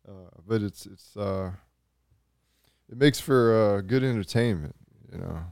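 A man's voice: lowish voice, measured pace, vocal fry, darkish tone, no room sound, studio quality. A man co-hosting a casual gaming podcast, laid-back and chatty, laughing along and checking in on the others. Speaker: podcast co-host.

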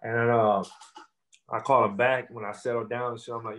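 A man's voice: medium pitch, brisk. Man, thirties, rapper guest, casual, swearing, lots of fillers. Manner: profane, animated storytelling with many fillers. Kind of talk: casual storytelling interview.

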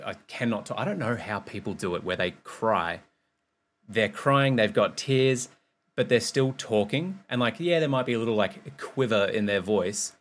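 A man's voice: on the low side, fairly bright tone. A man hosting a podcast, talking candidly and rambling in a casual monologue, swearing freely. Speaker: podcast host and personal trainer. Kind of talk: casual monologue, also streamed live.

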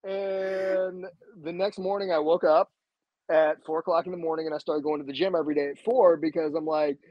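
A man telling a story as a podcast guest in a casual, animated way, acting out the voices he quotes. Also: brisk, dry recording. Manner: animated, acts out quoted voices with big pitch jumps. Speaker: podcast guest, jiu-jitsu black belt. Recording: slightly dull, dry sound.

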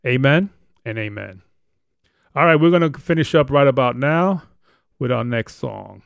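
A man's voice: mid-range voice, moderate pace, gravelly, clear, resonant tone, no room sound, clean studio sound. A man hosting a live show and teaching on scripture, emphatic and plain-spoken, pressing his points with blunt rhetorical questions. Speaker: host and Bible teacher.

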